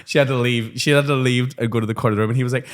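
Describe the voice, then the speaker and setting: A man in his thirties, a teacher co-hosting a chat show, telling lively stories and acting out classroom voices. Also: medium pitch, very fast. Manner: animated storyteller, acts out classroom voices. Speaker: podcast co-host, teacher. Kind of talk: casual chat.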